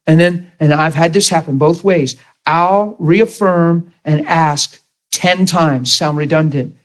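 A man's voice: a little high, measured pace, poor audio. A man teaching a ministry class in a blunt, conversational way, often acting out the people he quotes. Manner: animated, blunt, acts out quoted voices.

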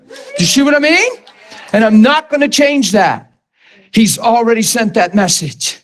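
A man preaching a sermon, teaching steadily and then building to impassioned, shouted declarations. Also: extremely high pitch, animated, unhurried. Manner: impassioned, rising to shouts when quoting himself.

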